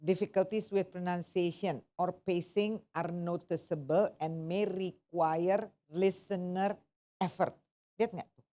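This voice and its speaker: Lady teacher, warm mellow tone, keeps quizzing the class. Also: lowish voice, measured pace. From Indonesia. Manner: animated, asks the class questions, code-switching. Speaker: English test teacher. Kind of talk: interactive lesson, mixing English and Indonesian.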